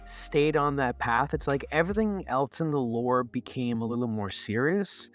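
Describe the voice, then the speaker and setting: A man co-hosts a relaxed hobby podcast, gushing with enthusiasm and laughing easily. His voice sits at an ordinary middle pitch, with faint music underneath. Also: moderate pace. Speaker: podcast co-host. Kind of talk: casual hobby chat.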